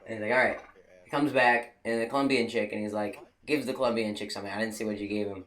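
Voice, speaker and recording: A man's voice: fairly low pitch, steady tone, fast talker, a bit bright. Rambling young man telling a travel story. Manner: rambling, many fillers and restarts; laughs at his own stories. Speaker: video creator. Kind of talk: casual storytelling.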